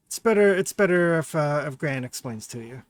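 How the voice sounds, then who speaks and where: A man voicing a wary male dwarf guide who speaks haltingly and hesitantly. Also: fairly high pitch, expressive, no echo, studio quality, natural voice. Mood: evasive. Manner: halting, hesitant, full of fillers.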